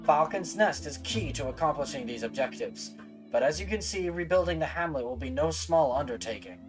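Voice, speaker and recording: A man voicing a stately male knight commander, reading the game dialogue slowly, loudly and formally. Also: expressive, over music, close to an everyday voice, rough recording. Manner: formal, slow and booming.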